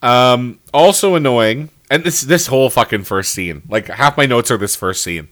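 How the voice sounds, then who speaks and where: A man's voice: medium pitch, moderate pace, a bit bright. A man co-hosting a casual podcast, reviewing a TV show with sarcasm, frequent swearing and laughter. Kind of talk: casual chat.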